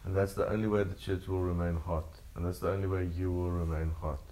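Man, very deep voice, preaching, earnest, repetitive cadence. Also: flat delivery, quick pace, dark tone. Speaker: pastor. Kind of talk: sermon.

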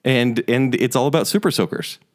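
A man's voice: mid-range voice, a little fast. A man co-hosting a podcast, chatting casually with joking, playful banter. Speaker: podcast co-host. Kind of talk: casual chat.

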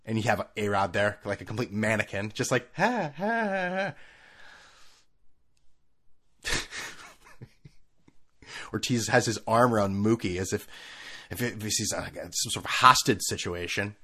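A middle-aged man hosting a casual sports rant, animated and laughing, often mimicking people in funny voices. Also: lowish voice, a little fast.

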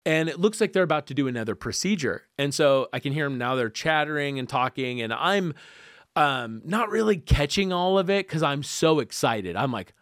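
A man speaking as a podcast guest, telling a personal story in an animated way, laughing often and acting out what people said. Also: a little high, normal speed, dry recording, clean studio sound. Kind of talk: conversational storytelling.

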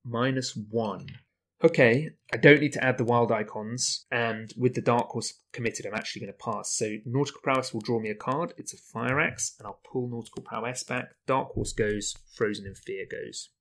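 Male player, solo card game commentary, mid pitch, reasons through each move aloud. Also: moderate pace, fairly bright tone. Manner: talks through choices, weighing options aloud. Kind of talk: thinking-aloud gameplay commentary.

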